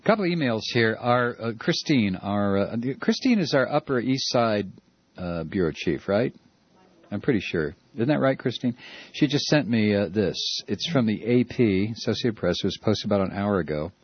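A man's voice: on the low side, expressive, normal speed, husky, dry recording, highs cut off. A man hosting a political talk radio show, ranting with stammered repeats.

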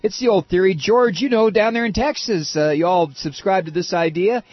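An American man hosting a talk radio show, delivering a sarcastic, mocking monologue that swings between shouted rants and low muttered asides. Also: normal speed, dry recording, muffled recording, soft background music. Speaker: political talk radio host.

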